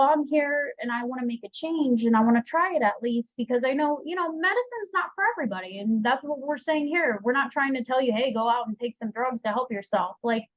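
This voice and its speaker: A young woman with a fairly high voice tells her own story as a podcast guest, chatty and animated, acting out what others said. The sound is dull and lo-fi, with a dry, close feel. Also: dry recording. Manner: chatty, animated retelling with quoted dialogue. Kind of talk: candid personal story.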